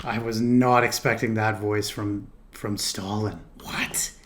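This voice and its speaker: Guy reacting to old clips, thinks out loud, keeps fixing himself, lowish voice. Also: little pitch movement, slow pace, background noise. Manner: thinking aloud, hesitant, self-correcting. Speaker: reaction video host. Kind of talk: casual commentary.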